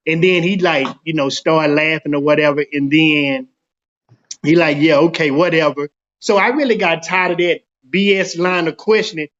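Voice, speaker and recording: A man's voice: on the high side, moderate pace, lo-fi sound. A middle-aged man from Dallas tells his own story in a casual interview, acting out the voices of the people in it. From Dallas, Texas. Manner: animated storyteller acting out quoted dialogue.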